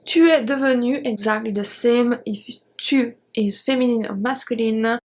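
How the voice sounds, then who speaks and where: Lady teaching verbs, kinda high voice, says each word slow and repeats it. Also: darkish tone. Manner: slow, careful spelling-out of verb forms. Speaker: French teacher. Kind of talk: online grammar lesson.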